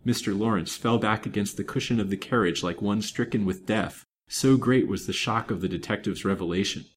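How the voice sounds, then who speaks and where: A man reading a serialized novel aloud in a measured, expressive way. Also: on the low side, slight background noise. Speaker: storytime reader.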